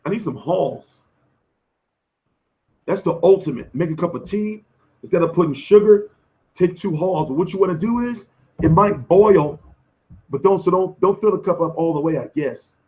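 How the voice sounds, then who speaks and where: Hoarse man chatting boxing on a stream. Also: high-pitched, lively intonation, normal speed, pauses often, dark tone. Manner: loose, profane, slangy banter answering chat. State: losing his voice. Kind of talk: casual live-stream chat.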